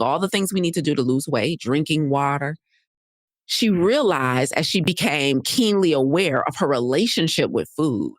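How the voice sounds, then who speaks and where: A woman podcast host with a low voice teaches solo in a conversational manner. She often repeats key points and checks in with "right?" The recording is dry and studio quality.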